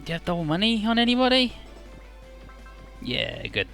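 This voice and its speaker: A man giving casual, rambling gameplay commentary in a low-key, mumbly way. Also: huge pitch swings, normal speed, fairly bright tone, faint music behind. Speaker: let's play host.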